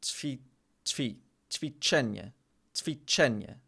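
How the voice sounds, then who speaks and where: Slow, bright-voiced man practising sounds aloud. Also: medium pitch, gravelly, slightly rough. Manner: slow, repeats sounds over and over while practising; reads chat aloud, chatty and self-mocking. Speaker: streamer learning a language. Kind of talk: casual live-stream chat.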